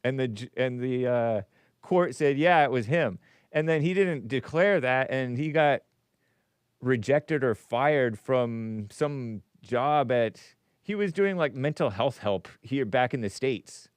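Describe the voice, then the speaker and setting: Male call-in host, mid-pitch, smooth resonant voice, dry close sound, rambling and self-interrupting. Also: expressive, takes it slowly, no room sound. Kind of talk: casual radio call-in talk.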